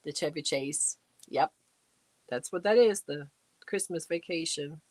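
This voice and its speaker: A middle-aged woman with a low-pitched, darkish voice speaks at a measured pace, with no room sound. Hosting a casual livestream in her home crafting space, she chats and reads viewer comments aloud, answering each.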